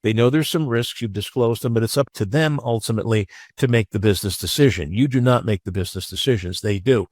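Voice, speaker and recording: A man's voice: lowish voice, quick pace, hardly any pauses, a little mellow, no room sound, studio quality. Frank male lawyer lecturing. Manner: frank, conversational, tells anecdotes. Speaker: business lawyer teaching a webinar. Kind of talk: webinar lecture.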